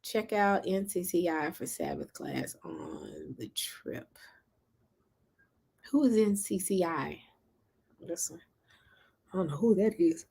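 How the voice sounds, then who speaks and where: Memphis woman, Southern accent, livestream host; low-pitched, very animated, rambling country chat. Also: takes it slowly, vocal fry, long pauses, husky. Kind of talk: casual livestream chat reading comments.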